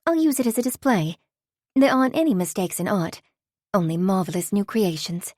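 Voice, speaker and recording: A woman voicing Celeste, a gentle, dreamy older shopkeeper with long graying hair. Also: on the low side, expressive, moderate pace, no echo, studio quality. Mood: soft.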